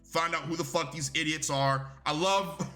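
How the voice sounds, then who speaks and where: A man's voice: fairly high pitch, fairly even intonation, normal speed, bright, forceful tone, faint music behind. A young man giving a casual, rambling and profane review of a wrestling show.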